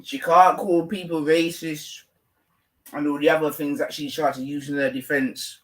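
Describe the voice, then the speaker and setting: A man's voice: fairly high pitch, flat delivery, normal speed. Slangy man on a distant mic. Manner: slangy, rambling gossip. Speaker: livestream host. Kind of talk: casual livestream chat.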